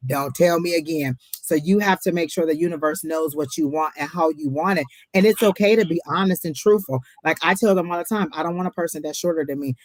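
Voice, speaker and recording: A woman's voice: low voice, fast talker, hardly any pauses, no echo. A woman hosting a casual live-stream tarot reading, talking in a chatty, emphatic way and often repeating herself. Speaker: tarot reader host.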